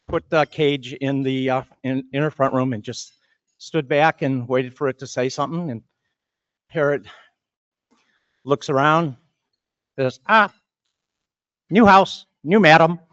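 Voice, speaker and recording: A man's voice: medium pitch, steady tone, a little slow, long pauses, clear, resonant tone, no room sound, dull audio. A man giving opening remarks as master of ceremonies at a breakfast meeting, chatty and rambling, often repeating words.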